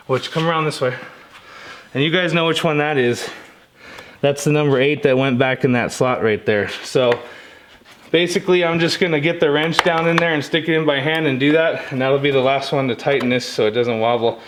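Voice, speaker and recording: A man casually talking viewers through a hands-on vehicle repair, relaxed and chatty as he works. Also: on the high side, normal speed. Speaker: DIY vehicle tutorial host. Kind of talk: casual hands-on how-to walkthrough. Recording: roomy echo with faint noise.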